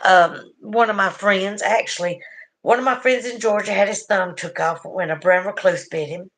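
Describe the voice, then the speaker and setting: A woman's voice: medium pitch, normal speed, a bit bright. Middle-aged Southern woman, casual folksy host reading viewer comments. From southern United States. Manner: chatty and folksy, with asides to viewers. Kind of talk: casual chat.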